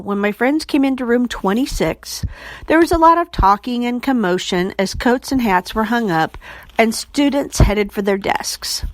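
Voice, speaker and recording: A woman reading a children's chapter book aloud in an expressive, animated way. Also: fairly high pitch, dry recording. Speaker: storybook reader.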